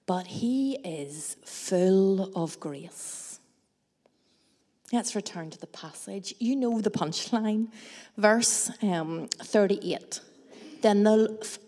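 A woman preaching a sermon, mixing scripture with personal stories in a measured, reflective way with dramatic pauses. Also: medium pitch, darkish tone. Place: church hall. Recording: long reverb of a large hall.

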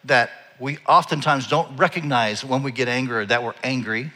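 A man in his forties preaching a sermon, telling a personal story in a conversational way that swings from quiet asides to loud, animated bursts. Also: medium pitch, moderate pace, long reverb tail. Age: 40s. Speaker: pastor.

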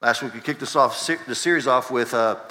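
A man's voice: medium pitch, brisk, bright, forceful tone. Man preaching in a reverberant hall. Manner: conversational preaching with many restarts and rhetorical questions. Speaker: pastor. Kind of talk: sermon. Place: church sanctuary.

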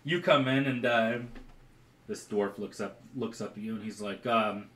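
A man narrating as game master of a tabletop game, halting with many fillers. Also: lowish voice, a bit bright, echoey room.

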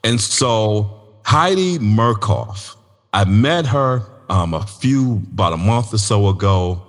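A man hosting a podcast, talking casually and telling animated, folksy stories. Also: on the low side, slow, big-room sound. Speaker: podcast host.

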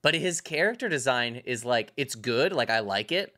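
A man's voice: mid-range voice, animated, moderate pace, bright, forceful tone. A man in casual film-review chat, talking in rambling stops and restarts and swearing now and then. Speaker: podcast co-host.

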